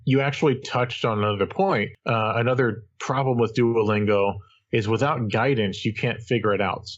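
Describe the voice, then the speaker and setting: A man co-hosting a gaming podcast, explaining things in a measured, careful way. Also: mid-range voice, dull audio. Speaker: podcast co-host. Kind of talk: casual chat.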